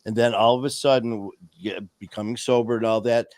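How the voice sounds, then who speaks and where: A man's voice: mid-range voice, fairly even intonation, fairly quick, a little mellow, no room sound. A man hosting a streamed recovery talk show, telling his story in an earnest, candid way over a remote call. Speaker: podcast host. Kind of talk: casual chat.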